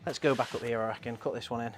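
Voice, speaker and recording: A man's voice: medium pitch, fairly even intonation, quick pace. A man hosting a casual live stream, chatting in a rambling way and reading out viewer comments.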